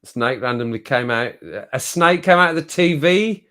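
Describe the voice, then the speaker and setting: A man's voice: a little high, animated, moderate pace, a bit bright. Man, streamer host, easygoing natter with viewers, reads chat aloud, laughs a lot. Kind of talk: casual live-stream chat.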